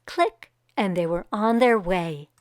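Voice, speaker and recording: A woman reading a children's picture book aloud, giving the characters voices and pausing to ask young listeners what will happen next. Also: mid-range voice, no echo, studio quality.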